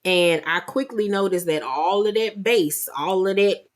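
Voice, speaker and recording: A woman's voice: mid-range voice, unhurried. A woman giving a blunt, sassy, gossipy recap of a reality show. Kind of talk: casual commentary.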